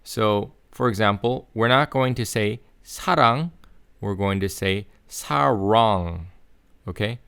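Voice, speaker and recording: A man teaching English pronunciation in a clear, deliberate lesson, slowly stressing the example words. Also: fairly low pitch, fairly even intonation, a bit bright, heavy reverb. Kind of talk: scripted lesson.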